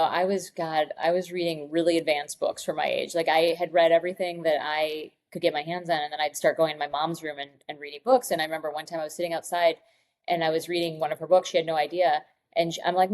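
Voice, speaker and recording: A woman's voice: sits low, flat delivery, fast talker, a little mellow, low-quality recording. A woman from Michigan, a screenwriter guest, chatting on a podcast and telling stories with acted-out quotes. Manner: chatty storyteller who acts out quoted voices. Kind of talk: casual podcast interview.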